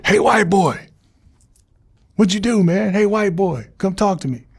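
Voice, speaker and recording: A persistent male inmate, put on by a man retelling his story, keeps calling out from the next cell. His voice sits high and carries, with a husky edge. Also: animated, a little slow, heavily acted.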